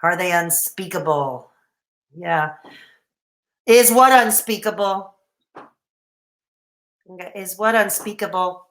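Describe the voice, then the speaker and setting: Speaking slowly with long pauses, this woman has a fairly low but fairly bright voice. She's a Canadian in her thirties hosting a meandering late-night livestream, where she reads and answers the live chat from an echoey room.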